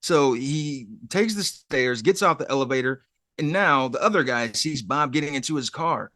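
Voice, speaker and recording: A man's voice: medium pitch, expressive, normal speed, sharp tone, dry recording, clean studio sound. A man co-hosting a podcast, casually retelling a TV episode and acting out the characters' lines. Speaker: podcast co-host. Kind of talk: casual chat recapping a TV episode.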